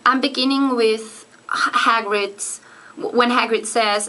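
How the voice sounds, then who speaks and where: A woman's voice: on the high side, measured pace, bright, forceful tone. A young woman from Switzerland with a Swiss accent, a native Swiss German speaker, explaining things in a chatty, giggly way and correcting herself often. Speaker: vlogger. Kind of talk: casual explanatory chat. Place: at home, in front of a bathroom.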